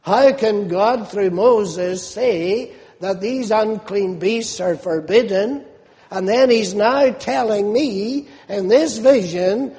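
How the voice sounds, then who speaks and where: A man preaching a sermon, slow and emphatic, rising into animated rhetorical questions. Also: high-pitched, in a large hall.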